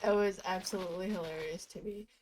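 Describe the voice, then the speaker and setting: A woman's voice: mid-range voice, fairly even intonation, fast, darkish tone, slight background noise, rough recording. A young woman streaming from home, rambling through goofy stories in a casual chatty way. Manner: chatty, goofy storytelling with bursts of laughter. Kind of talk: rambling casual chat while gaming.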